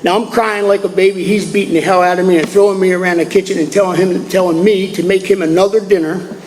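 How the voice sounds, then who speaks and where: An older man from Maryland tells his life story to a recovery meeting, plainspoken and folksy, often repeating himself. His voice sits high for a man. A long hall reverb and faint room noise hang behind him. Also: steady tone, fast, a little mellow. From Maryland, USA. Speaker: AA speaker. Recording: echoey hall with faint ambience.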